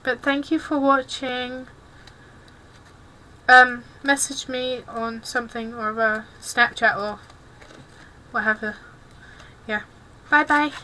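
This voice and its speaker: Young English woman, cosplay streamer, high and unhurried, shy and apologetic. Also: steady tone, slight background noise, low-quality recording. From England. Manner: self-consciously awkward and apologetic. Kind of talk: casual chat while crafting.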